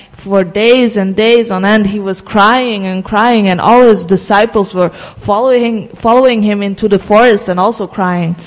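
A casual storyteller recounting a sacred tale, pausing on fillers and stretching out key phrases. The voice sits at a middling pitch. A long reverb trails behind every word. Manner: halting, many fillers and restarts, slows for emphasis.

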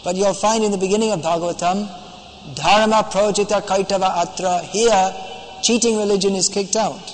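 A man's voice: sits high, steady tone, a little fast. A man giving a devotional lecture, emphatic and scolding, quoting Sanskrit verses and insisting on his points. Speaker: preacher. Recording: long reverb with faint ambient noise.

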